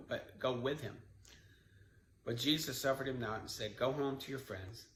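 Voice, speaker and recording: A man's voice: medium pitch, a bit bright. A man giving an informal Bible study, retelling the story in a conversational way with asides. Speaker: Bible teacher. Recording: echoey room with faint background noise.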